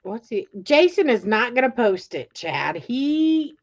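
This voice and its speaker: A woman telling a story in casual chat, animated and exasperated, with lots of fillers and restarts. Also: a little high, slow. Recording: dull lo-fi sound.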